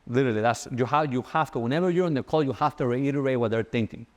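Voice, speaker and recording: Young man, sales coach, casual talk, fast, animated, repetitive. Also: medium pitch. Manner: fast, animated, repeats key points.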